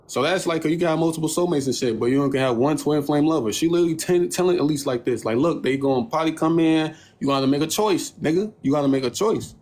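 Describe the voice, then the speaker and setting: Speaking quickly and with few pauses in a fairly high voice, a young man hosts a livestream from his phone. He tells a story in a loose, animated way, swearing heavily and acting out other people's lines in mocking voices.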